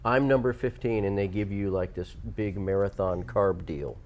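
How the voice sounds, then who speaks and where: A man's voice: fairly low pitch, darkish tone. A man hosting a live local TV show, joking and reading sponsor deals. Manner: joking, puts on a drawn-out Southern drawl for ad names. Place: local TV studio.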